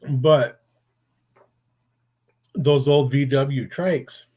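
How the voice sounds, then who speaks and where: Older guy, a grandpa, just chatting, cusses a lot, rambles along in a mid-pitched voice. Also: fairly even intonation, extremely slow, warm tone, breathy edge. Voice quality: blunt and profane, rambling storytelling. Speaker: podcast host. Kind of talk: casual chat.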